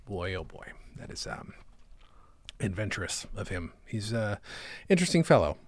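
Lively man in animated comedic chat. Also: normal speed. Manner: animated, jokey, breaks into silly high voices. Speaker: podcast co-host.

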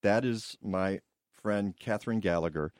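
Lowish guy radio host, joking around, dry studio mic. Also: measured pace, no echo. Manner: playful, animated, jokey. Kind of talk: casual radio interview. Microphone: studio microphone.

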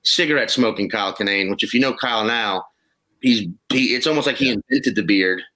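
A comedian from New Orleans telling rambling, profane stories in a casual chat. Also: male voice, on the low side, a little fast, sharp tone, rough recording. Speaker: comedian guest.

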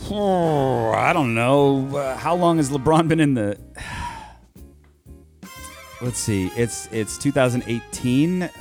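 Hesitant laughing man, lively pitch. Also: slow pace, faint music behind. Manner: hesitant, laughs often, swears. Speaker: podcast co-host, quiz contestant. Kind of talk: casual chat.

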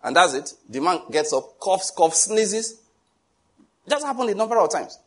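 A man's voice: sits high, normal speed. A middle-aged male pastor preaching a sermon, telling stories with a jovial, teasing manner and frequent chuckles. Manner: teasing, animated asides.

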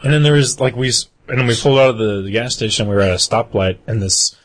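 A husky-voiced man tells a long, rambling anecdote in casual podcast chat. He laughs often and keeps restarting his sentences. His pitch sits in the middle. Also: fast talker. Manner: rambling storyteller, laughs often, acts out quotes. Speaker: podcast co-host.

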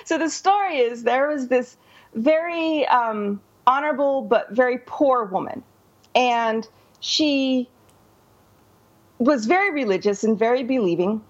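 A woman's voice: high-pitched, a little slow, muffled recording. A woman co-hosting a casual talk show, telling a story in a chatty way. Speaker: podcast co-host. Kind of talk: casual chat.

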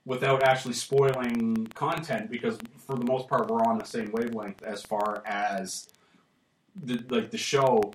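A man's voice: mid-range voice, fairly even intonation, a little slow. A man hosting a podcast in casual chat, rambling and laughing as he tells stories. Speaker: podcast host. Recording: echoey room, mic at a distance, faint hiss.

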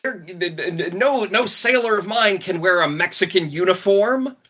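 A blustering ship captain with a thick German accent, put on by a man running a tabletop game. He shouts in a raised, strained pitch and stumbles over his words. The voice is bright and a little husky. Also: lively intonation, moderate pace, exaggerated voice. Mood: alarmed. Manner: shouting, sputtering.

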